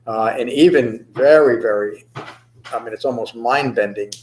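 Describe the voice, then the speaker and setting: A man teaching meditation, giving a dharma talk in a relaxed, rambling way with many pauses and fillers, in a meditation center room. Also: mid-range voice, rough recording. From United States.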